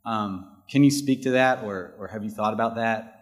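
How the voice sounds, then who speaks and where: A man's voice: lowish voice, normal speed. A man in the audience asking a question at a panel, hesitant and full of fillers.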